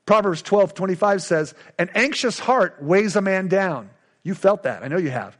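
A man's voice: high-pitched, animated, moderate pace. A middle-aged male pastor preaching a sermon with emphatic, repetitive call-and-response lines.

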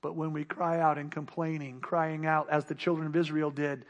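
A pastor delivering a sermon, building emphatic rhetorical questions and repeated refrains. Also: male voice, fairly high pitch, flat delivery, moderate pace. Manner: emphatic preaching.

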